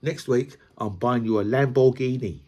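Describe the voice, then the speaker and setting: A man's voice: medium pitch, normal speed, darkish tone, muffled recording. A man hosting a podcast, delivering a blunt, profane political rant full of long analogies. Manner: swears freely, builds long analogies, repeats "right?". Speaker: podcast host.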